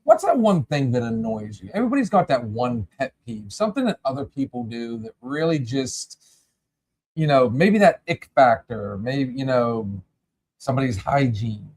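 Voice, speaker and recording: A man's voice: medium pitch, very animated, normal speed, darkish tone, husky. A man hosting a casual podcast chat, rambling and repeating words as he addresses his listeners. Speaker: podcast host.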